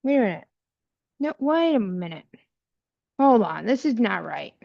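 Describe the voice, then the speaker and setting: A woman's voice: on the high side, sing-song, a little slow, creaky, no room sound, highs cut off. A woman vlogging while coding, muttering to herself and her viewers in growing frustration. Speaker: tech vlogger. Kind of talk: casual talk while coding.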